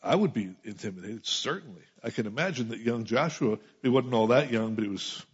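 A middle-aged man preaching a conversational sermon, building to emphatic peaks and dropping into quiet asides. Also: medium pitch, lively intonation, fairly quick, breathy edge. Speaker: pastor. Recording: muffled lo-fi sound.

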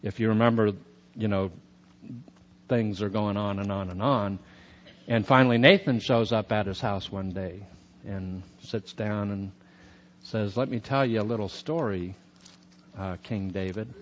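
A man's voice: fairly low pitch, measured pace, pauses often, highs cut off. A man teaching a sermon on scripture in a chatty, conversational way, with many fillers. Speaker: preacher.

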